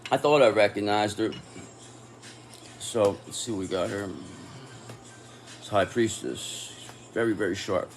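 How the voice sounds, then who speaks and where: A man's voice: fairly low pitch, steady tone, unhurried, long pauses, faint music behind. A man giving a casual tarot reading, talking in an angry, profane and confrontational way. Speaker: tarot reader.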